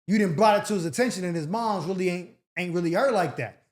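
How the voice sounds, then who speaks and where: A young man hosting an advice show, reading letters and riffing in slangy, animated casual talk, often acting out the people he quotes. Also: high voice, quick pace.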